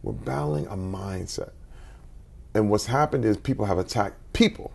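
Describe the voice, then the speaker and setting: A man in his forties, a guest in an interview, telling personal stories in an animated way and acting out quotes with big jumps in his voice. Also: fairly low pitch, normal speed. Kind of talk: conversational storytelling.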